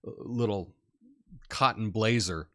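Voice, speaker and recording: A middle-aged American man talks casually on his live stream, reading out comments between easy laughs and filler words. His voice sits a little low. The sound is dry and close, with no room echo. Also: takes it slowly. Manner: relaxed, chatty, laughs often, many fillers. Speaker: live show host.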